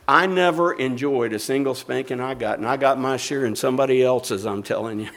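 A man's voice: high voice, pushed and bright. An older man preaching a sermon, rising and falling in intensity and calling for amens. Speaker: pastor.

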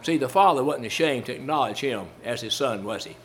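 A man's voice: medium pitch, lively intonation, fairly quick. A man preaching a sermon as a Baptist preacher, repeating phrases for emphasis, quoting old-style scripture and asking his listeners rhetorical questions. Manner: quotes King James scripture.

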